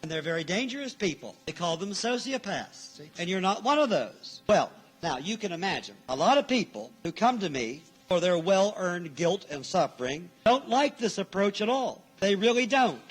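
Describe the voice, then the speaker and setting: A man's voice: high voice, very animated, moderate pace, few pauses, breathy edge, faint music behind. A male minister delivering a sermon in a church, emphatic, repeating his key phrases and acting out the people he quotes.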